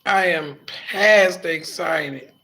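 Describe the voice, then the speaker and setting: High-voiced, slow-talking emotional man. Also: bright, forceful tone, rough recording. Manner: tearful, heartfelt, casual slang. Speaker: vlogger. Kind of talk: emotional reaction vlog.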